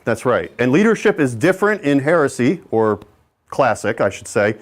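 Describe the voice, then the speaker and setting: A man's voice: medium pitch, sing-song, normal speed. A man playing a tabletop game, chatting casually and explaining rules. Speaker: player. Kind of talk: casual chat.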